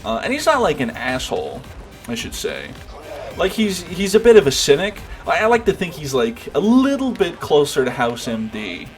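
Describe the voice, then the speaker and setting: A man's voice: fairly high pitch, huge pitch swings, moderate pace, faint music behind. A man streaming a game, chatting casually and rambling with lots of fillers and restarts. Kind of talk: casual chat while gaming. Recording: game noise in background.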